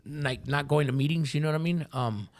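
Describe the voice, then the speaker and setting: A man's voice: a little high, fairly quick. A man who is a podcast guest telling his recovery story with candor. He talks in profane street slang and keeps asking "you know what I mean.".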